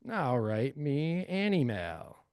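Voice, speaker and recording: A man's voice: mid-range voice, very animated, slow pace, darkish tone, clear, resonant tone, dry recording, studio quality. A man leading a live screen-share workshop, talking energetically and calling his audience family. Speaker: real estate AI trainer.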